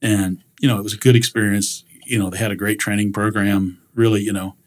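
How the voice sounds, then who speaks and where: A man's voice: lowish voice, flat delivery, fairly quick. A middle-aged man telling stories in a casual interview, rambling with many fillers and acting out quoted dialogue. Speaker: guest, industrial leasing director.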